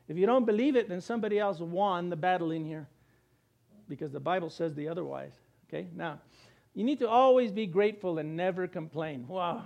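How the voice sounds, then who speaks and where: A man's voice: high voice, brisk, creaky, a little mellow. A man preaching a conversational sermon, breaking into acted-out voices and chuckles. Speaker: pastor.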